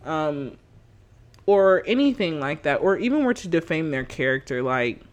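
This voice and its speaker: A young woman talking straight to her listeners on her podcast. She tells her story in a loose, animated way and gets worked up and exasperated. She swears freely and laughs along the way. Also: deep voice, normal speed. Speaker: podcast host. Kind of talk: casual storytelling monologue.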